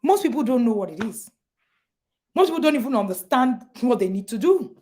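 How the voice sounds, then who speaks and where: A middle-aged Nigerian woman talks to parents as a coach, her voice high and very lively in pitch. She is emphatic and animated, now and then mimicking a shout to drive a point home. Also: brisk. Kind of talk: motivational talk to parents.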